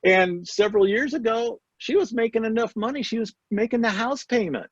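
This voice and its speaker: A man's voice: very high-pitched, brisk, dry recording, lo-fi sound. A man mentoring health practitioners, chatting in a casual interview and acting out quoted dialogue as he tells stories. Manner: storytelling, acts out quoted dialogue. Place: Denver area.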